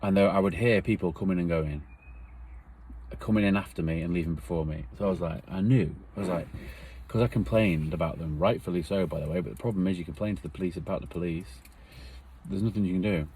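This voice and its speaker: Deep-voiced man telling a story. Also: fast talker, a little mellow, slight background noise. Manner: earnest, rambling, emotional retelling. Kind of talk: personal storytelling.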